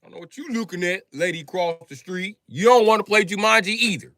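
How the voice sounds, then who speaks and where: A man ranting on a comedic live stream, loud, profane and animated, often breaking into shouts. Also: high-pitched, quick pace, dry recording.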